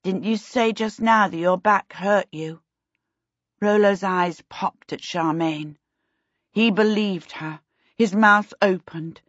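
Husky woman reading a storybook. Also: mid-range voice, dry recording. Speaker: audiobook narrator. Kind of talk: scripted storybook narration. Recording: dull lo-fi recording.

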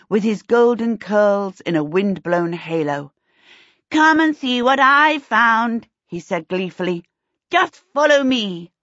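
A woman narrating a fantasy novel in a measured, expressive way. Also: medium pitch, no echo. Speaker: audiobook narrator. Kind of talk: scripted narration. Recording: dull dry lo-fi recording.

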